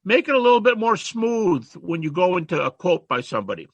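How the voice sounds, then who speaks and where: A man giving an online lecture, animated and chatty, reciting rhymes and quotes as he teaches over a video call. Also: sits high, brisk, breathy edge, no echo, lo-fi sound.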